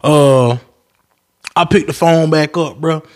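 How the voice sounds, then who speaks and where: Young guy hosting a podcast, cussing a lot while he tells a story, voice sits a bit high. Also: slow. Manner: profane, animated storytelling with acted-out quotes. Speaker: podcast host. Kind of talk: casual storytelling monologue.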